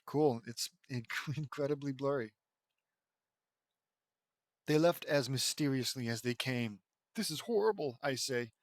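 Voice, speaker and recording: A man's voice: medium pitch, unhurried, pauses often, no room sound. A man reading a fan fiction story aloud, stumbling over lines and breaking off to mock the writing. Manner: stumbling, sarcastic asides, laughs at the text. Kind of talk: mocking dramatic reading with commentary.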